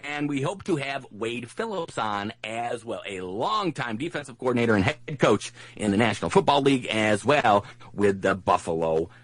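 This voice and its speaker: A man's voice: medium pitch, lively intonation, normal speed, no echo. A man hosting a local radio show, chatting casually with many fillers and restarts, telling stories and acting out quotes. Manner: rambling, lots of restarts and fillers; acts out his grandma's voice in anecdotes. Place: radio studio.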